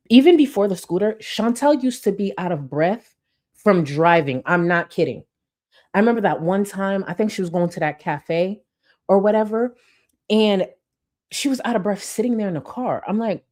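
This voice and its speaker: Low-voiced woman giving blunt commentary. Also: animated, moderate pace, a little mellow. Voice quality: blunt, profane, sarcastic. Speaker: commentary host. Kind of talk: reaction commentary.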